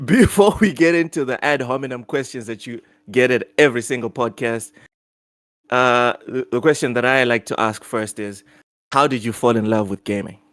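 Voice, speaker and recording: A man's voice: medium pitch, normal speed, a bit bright, no echo, clean studio sound. A man hosting a casual gaming podcast, giving a playful, mock-grand introduction. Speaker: podcast host.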